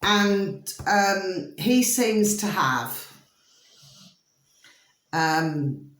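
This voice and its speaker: A woman's voice: mid-range voice, animated, very slow, fairly bright tone, reverberant. A middle-aged woman vlogging in a rambling, emphatic monologue, repeating pet phrases and often breaking into giggles. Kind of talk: rambling casual monologue to camera.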